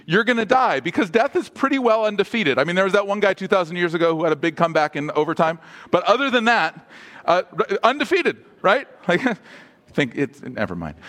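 A man with a fairly high voice preaches to his congregation. He keeps asking them questions and moves between lively, joking asides and slower, softer passages. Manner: humorous asides. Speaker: pastor. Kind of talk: sermon.

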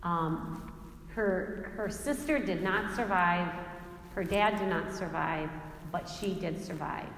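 A woman's voice: lowish voice, slow pace, a bit bright, slight background noise. A woman giving a Christian faith talk, telling stories animatedly, acting out quotes and laughing often. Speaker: Christian speaker. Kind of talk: faith talk with personal storytelling. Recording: echoey hall with long reverb, faint ambience.

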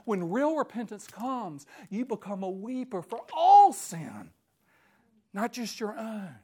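A man preaching a sermon, reading scripture aloud with slow emphasis and swinging from hushed tones to near-shouting fervor. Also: sits high, very animated, slightly rough.

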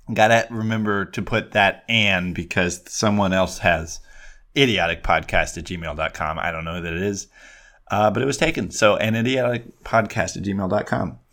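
A man's voice: lowish voice, fairly bright tone. A man hosting a solo podcast from his desk, rambling and self-deprecating with lots of ums and restarts. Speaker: podcast host.

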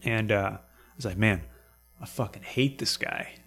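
Low-voiced Canadian guy, rambling and profane storyteller over faint music. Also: measured pace, vocal fry, fairly bright tone. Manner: rambling, profane, repeats words while searching. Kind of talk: casual storytelling chat.

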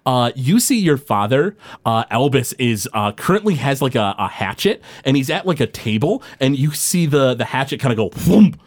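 A man's voice: medium pitch, sing-song, moderate pace, hardly any pauses, no echo. A man running a tabletop game as game master, narrating loosely with many fillers and restarts. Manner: loose, full of fillers and restarts, laughs often.

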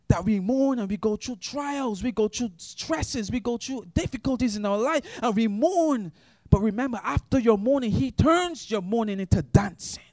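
A man preaching an impassioned sermon, swinging between shouted praise and hushed, quiet passages. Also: sits high, no room sound, clean studio sound.

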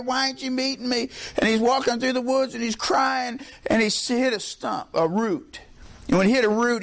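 A man preaching a sermon, impassioned and folksy, climbing to near-shouts. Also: fairly high pitch.

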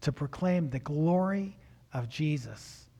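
A man delivers a sermon as a pastor. He tells a personal story in an animated way and acts out the dialogue himself. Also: on the high side, takes it slowly, husky.

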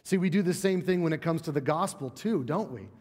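Animated pastor preaching in echoing church. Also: male voice, on the high side, a little fast, husky. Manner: animated, emphatic, repeats words when building a point. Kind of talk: sermon. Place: church sanctuary. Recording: long church reverb.

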